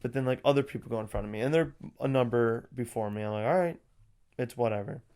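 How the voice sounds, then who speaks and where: Young man telling animated stories. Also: mid-range voice, fast talker, clear, resonant tone. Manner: animated, swears a lot, acts out quotes. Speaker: podcast co-host. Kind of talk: casual storytelling chat.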